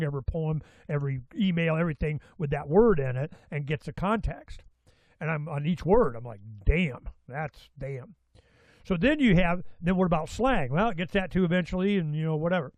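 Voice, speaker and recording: Excitable man rambling as show host, dry sound. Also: fairly high pitch, no room sound, poor audio. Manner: rambling, excitable, many restarts and asides. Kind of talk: casual talk-show monologue.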